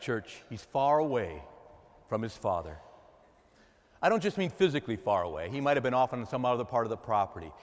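A male pastor preaching a sermon, acting out voices and swinging between loud and soft. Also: mid-range voice, in a large hall.

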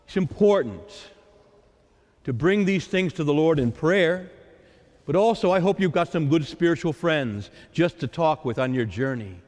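A man preaching a sermon as a priest, acting out the voices of the Lord and the disciples with lively drama. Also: a little high. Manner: animated, dramatizing the Lord's and disciples' lines. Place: church. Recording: echoey church with long reverb.

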